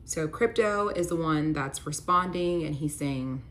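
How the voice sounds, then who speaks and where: A woman's voice: deep voice, unhurried, fairly bright tone. A young woman telling a personal story to her phone camera, candid and earnest, with a casual "like" running through her talk. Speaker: real estate agent telling her story.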